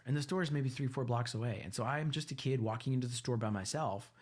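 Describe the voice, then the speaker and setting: A man co-hosting a podcast, telling childhood stories in a relaxed, casual chat. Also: medium pitch, fast talker. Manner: laid-back storytelling with laughs and acted quotes. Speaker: podcast co-host.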